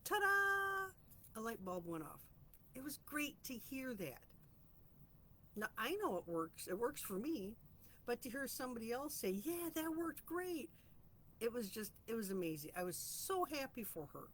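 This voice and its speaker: A woman hosting a weekly reflection vlog, talking in an earnest, chatty, reflective way about calm and boundaries, stretching out phrases for emphasis. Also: fairly high pitch, moderate pace. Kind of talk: casual spiritual self-help musing.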